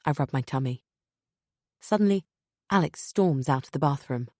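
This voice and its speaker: A woman with a low, grounded voice reads a first-person audiobook in a measured, steady way. Recorded close and dry, with no room sound, she sometimes sinks to a hushed near-whisper. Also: no echo. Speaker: audiobook narrator.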